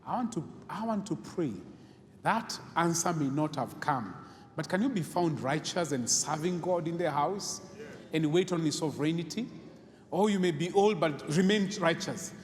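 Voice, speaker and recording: A man's voice: a little high, animated, normal speed. A man preaching a sermon as pastor, pressing his point with repeated phrases and questions put to the congregation. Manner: preaching with emphatic repetition and call-and-response questions. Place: church sanctuary. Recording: echoey church hall, faint room noise.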